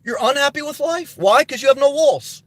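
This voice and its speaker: A man with a notably high voice talks to his livestream audience in a motivational, preachy style. He hammers his points home by repeating them and addressing listeners directly. The sound is close and dry. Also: lively intonation, normal speed, dry recording. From New Jersey. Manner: preachy, emphatic, repetitive exhortation. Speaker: livestream host.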